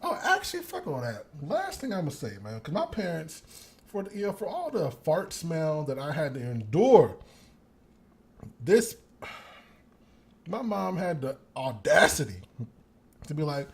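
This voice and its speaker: A young man hosting a show, telling a story in a casual monologue. He is animated and profane, laughs often, and acts out the quotes. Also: a little high, unhurried, gravelly, long pauses. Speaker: podcast host.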